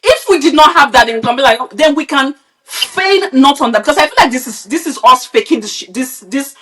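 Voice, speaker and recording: A woman from Nigeria co-hosts a podcast, ranting bluntly with a lot of swearing in casual, opinionated chat that turns heated. Her voice is high, expressive and a bit bright, and she speaks briskly.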